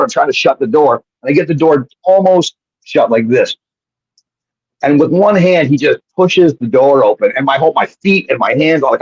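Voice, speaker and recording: Husky-voiced man swearing through wrestling stories. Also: mid-range voice, dry recording. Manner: profane, animated anecdotes with frequent restarts. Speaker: guest, former pro wrestler. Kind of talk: casual storytelling on a live show. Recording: dull lo-fi sound.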